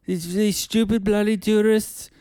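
Man doing a South African accent, irate tourist, high and sharp, clean and dry. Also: little pitch movement, measured pace, clear, resonant tone, dry recording. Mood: exasperated. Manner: exasperated, scolding.

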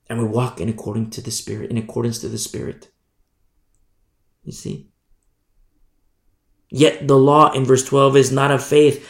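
Heard in a reverberant space, a pastor preaches with emphasis, repeating core phrases and moving between loud statements and soft asides. His pitch is medium, with vocal fry.

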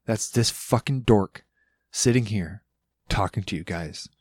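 A man rambling loudly on a casual podcast, swearing as he goes. His voice sits on the low side. The sound is dry and close. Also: measured pace, breathy edge, dry recording. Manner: loud, profane, rambling. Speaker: podcast guest. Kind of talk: casual monologue.

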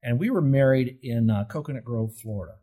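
An older male pastor delivers a sermon in a husky, slightly breathy voice of middle pitch. He asks rhetorical questions and drags out key words for emphasis. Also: fairly quick, dark tone.

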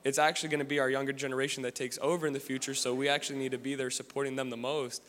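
Young-sounding preacher in a reverberant church hall. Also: male voice, medium pitch, flat delivery, rapid-fire, fairly bright tone. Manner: casual and slangy, frequent restarts. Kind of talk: sermon, scripture reading with casual commentary.

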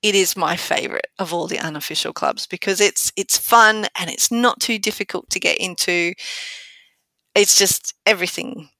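A woman's voice: on the low side, moderate pace, pushed and bright, dry recording. An Australian woman hosting a podcast, chatting in a playful, upbeat way. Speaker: podcast host. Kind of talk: casual podcast chat.

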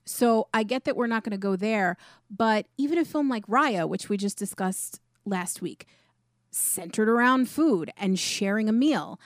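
A woman's voice: medium pitch, unhurried, no room sound. Woman co-host, casual film chat, dry. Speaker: podcast co-host.

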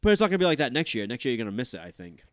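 A podcast host in his thirties chats casually, telling rambling family stories full of fillers and swearing in an animated way. His voice is medium-pitched and rapid-fire, recorded with studio quality and no echo.

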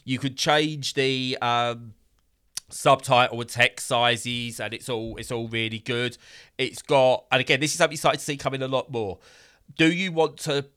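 A man's voice: medium pitch, steady tone, moderate pace, fairly bright tone, clean tone. A man casually reviewing a game in a podcast chat, rambling with fillers and bursts of exasperation.

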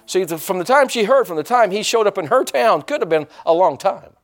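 A male pastor delivers a sermon to his church. His pitch sits a little high and swings widely as he preaches with energy, often asking the room questions to draw responses. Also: brisk. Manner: animated preaching with call-and-response questions to the congregation. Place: church sanctuary.

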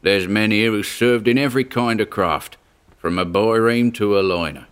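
A man voicing a gruff old male sailor ghost who talks in a laconic, folksy drawl. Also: fairly low pitch, moderate pace, close to an everyday voice.

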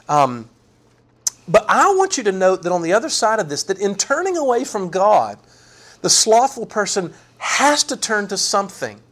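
A man preaching a sermon, animated and folksy, acting out sarcastic quotes. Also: high voice. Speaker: pastor.

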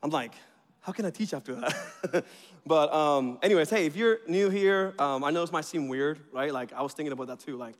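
A man giving a casual, energetic sermon in a church, chatty and full of fillers. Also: fairly high pitch, a little fast. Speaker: preacher. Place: church auditorium. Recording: long reverb of a large hall.

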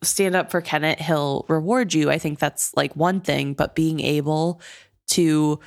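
A woman talks casually about a novel, thinking out loud and hedging her points. Her voice is very low for a woman, and the chat feels easy and unhurried. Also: fairly even intonation, gravelly. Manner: thoughtful, hedging, many fillers. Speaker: book podcast co-host.

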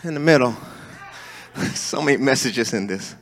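A male preacher, preaching a sermon and swinging between soaring calls and low, joking asides. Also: animated, normal speed, some chatter behind. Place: church hall. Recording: long hall reverb.

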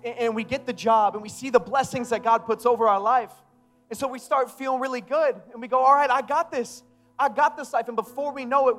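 A male pastor preaching a sermon in a casual, emphatic way that builds to loud passion. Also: high voice.

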